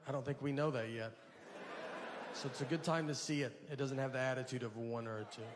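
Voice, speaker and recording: A man performing a stand-up routine, telling rambling stories in a halting, deadpan way. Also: mid-range voice. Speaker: stand-up comedian. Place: large venue with a live audience. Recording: live stage mic in a reverberant hall with audience noise. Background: audience laughter.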